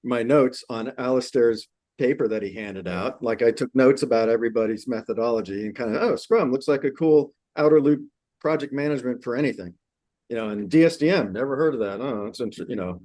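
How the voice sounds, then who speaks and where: A man speaking as a guest in a casual panel conversation, relaxed and full of fillers. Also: medium pitch, fairly quick, no echo.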